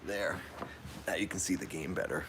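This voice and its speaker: A man livestreaming a horror game from a dark room at home, jumpy and easily frightened, repeating his exclamations over and over while recording on a phone. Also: low-pitched, fairly even intonation, normal speed, noisy background. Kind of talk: live gameplay commentary. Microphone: phone pointed at the TV.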